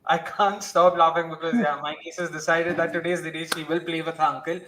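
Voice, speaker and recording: A man's voice: on the high side, fairly even intonation, fast talker, a bit bright, a little hiss or hum, poor audio. A man with an Indian accent hosting a live cricket watchalong, rambling and switching between Hindi and English. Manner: rambling, mixes Hindi and English, self-correcting. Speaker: host.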